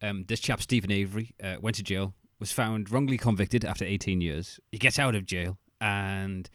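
A man co-hosting a podcast, bantering and swearing through his jokes. His voice is low and bright. The sound is dry and close. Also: moderate pace, no echo. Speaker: podcast co-host. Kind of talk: casual chat.

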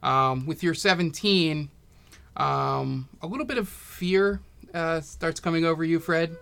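A man narrating as game master in a tabletop game, talking haltingly with many fillers. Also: fairly high pitch, gravelly, sharp tone, smooth.

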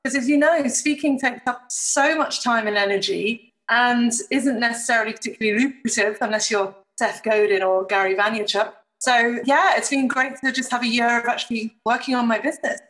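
A middle-aged woman from England, a podcast guest talking about her business in a brisk, self-deprecating way. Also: a little high, steady tone, a bit bright. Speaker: podcast guest, marketing entrepreneur. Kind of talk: casual interview chat.

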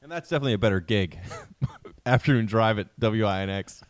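A man's voice: lowish voice, fairly quick, no room sound. A man co-hosting a casual comedy podcast, reading odd news stories with wry jokes and frequent laughter. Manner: joking, laughs often, wry storytelling.

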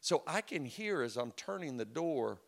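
Middle-aged guy preaching, gravelly voice, chatty storytelling, acts out the quotes. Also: mid-range voice, very animated, moderate pace. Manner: conversational storytelling with laughs and acted quotes. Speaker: pastor. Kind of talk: sermon.

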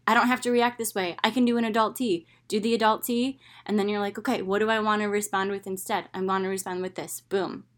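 A young woman hosts a casual self-help talk in a candid, animated way. She slips into her own inner voice now and then. Her pitch sits in a middle range.

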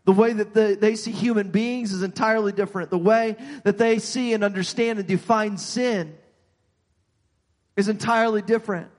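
A man's voice: sits high, fairly even intonation, normal speed, darkish tone, big-room sound. A man preaching a sermon as pastor, earnest, often repeating and restarting his words.

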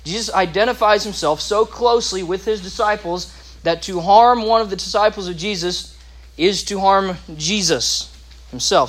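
A man's voice: sits high, moderate pace, a bit bright. A man teaching a Bible lesson, explaining scripture with asides and restarts.

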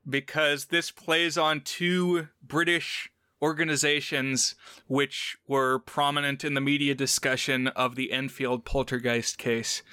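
A man with a bright, crisp voice co-hosting a podcast review chat. He lays out details methodically and explains things at an easy conversational pace. The sound is close and dry. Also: fairly high pitch, no room sound. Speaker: podcast co-host.

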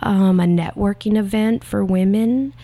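A young woman co-hosting a podcast in relaxed, casual chat. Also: medium pitch, measured pace, crowd noise. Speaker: podcast co-host.

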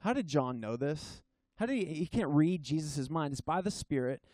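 A man, a pastor, preaching a sermon at a church service in an earnest, emphatic way, slowing down on key phrases and sometimes restarting his sentences. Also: a little high, animated, darkish tone, no echo.

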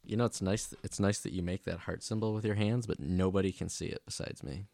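A man with a very deep, gravelly voice trades playful teasing in casual chat. He speaks close to a microphone with a dry, dead sound and no room around it. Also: steady tone, a little fast, dark tone, dry recording. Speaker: father recording with his young child. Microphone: studio microphone.

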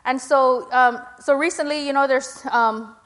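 High-pitched young woman, informal sermon, chatty and self-mocking. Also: fairly even intonation, unhurried. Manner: chatty, full of fillers and "right?"; acts out her own prayers in a higher, louder voice. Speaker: speaker at a church gathering.

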